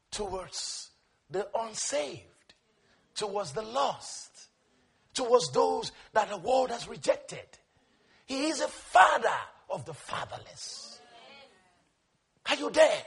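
A man preaching a sermon with passion, swinging from shouted lines to hushed asides. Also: sits high, big pitch swings, a little slow, gravelly, breathy edge.

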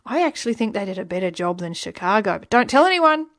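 A woman's voice: mid-range voice, sing-song, quick pace, a bit bright. A woman hosting a radio show, chatting playfully between songs with confiding asides. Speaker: radio host. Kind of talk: casual radio presenting.

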